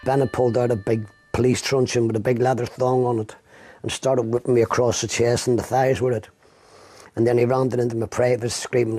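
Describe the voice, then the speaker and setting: A man's voice: medium pitch, little pitch movement, fairly quick, mellow. A man giving documentary testimony about his arrest, vividly acting out what others said to him. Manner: vivid storytelling, acts out quoted speech. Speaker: interviewee recounting his arrest.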